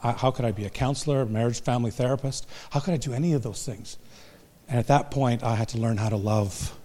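A man's voice: mid-range voice, fast talker, mellow. An older man, a pastor and marriage counselor, giving a humorous, self-deprecating talk to a live audience. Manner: self-deprecating, joking storyteller.

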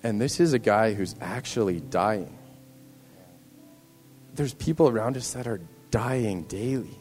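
A man's voice: fairly low pitch, expressive, a little slow, darkish tone, big-room sound, soft background music. A man in a church giving an earnest, rambling personal testimony to the congregation, often restarting his sentences. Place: church hall.

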